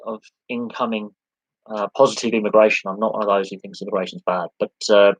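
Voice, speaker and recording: Husky man chatting about sport. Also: lowish voice, fairly even intonation, a little fast, no echo, lo-fi sound. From United Kingdom. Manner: rambling, conversational, with many restarts and lists. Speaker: sports podcast host. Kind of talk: live podcast Q&A talk.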